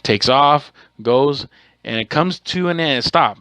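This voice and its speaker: A man's voice: medium pitch, animated, measured pace, fairly bright tone, no echo. A man hosting his own podcast, telling a rambling, profane story in a casual way and correcting himself as he goes. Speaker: podcast host.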